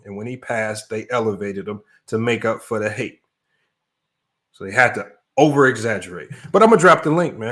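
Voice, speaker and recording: A man hosting a sports debate livestream, ranting with loud emphasis and a habit of ending lines with "man." His voice sits at an ordinary middle pitch for a man. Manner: animated, emphatic, repeats "man" often. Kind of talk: casual livestream rant.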